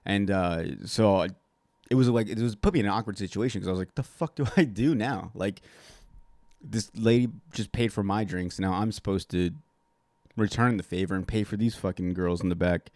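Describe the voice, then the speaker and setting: A man's voice: low-pitched, steady tone, normal speed, darkish tone, no echo. A man hosting a solo podcast, ranting in a sarcastic, rambling way and swearing constantly. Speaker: podcast host.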